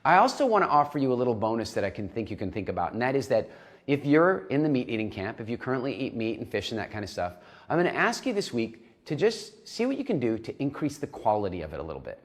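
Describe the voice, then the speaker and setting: A man's voice: medium pitch, very animated, quick pace. A man coaching a nutrition program in a recorded lesson, talking animatedly and acting out little inner voices.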